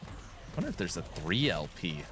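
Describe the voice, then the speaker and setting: Bright-voiced man chatting on a game stream. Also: sits low, wildly swooping pitch, normal speed, slight background noise. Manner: playful, defensive banter with chat. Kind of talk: casual gaming stream chat.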